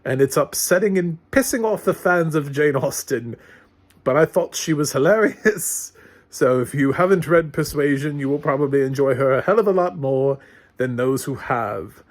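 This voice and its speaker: A man reviewing a film in a casual, hesitant way, with dry sarcasm and many pauses and fillers. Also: on the high side. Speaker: film critic. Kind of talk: casual spoken movie review.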